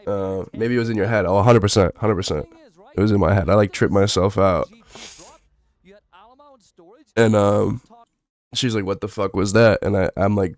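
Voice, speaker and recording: A man's voice: on the low side, fairly even intonation, moderate pace, a little mellow, no echo, clean studio sound. A young man streaming, telling a rambling, profane story with lots of fillers in a laid-back way.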